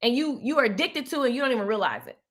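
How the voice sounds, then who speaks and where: A woman hosting a casual faith-based motivational talk, animated and preachy, calling her viewers "baby" and "honey.". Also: a little high, rapid-fire. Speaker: host of a live motivational stream.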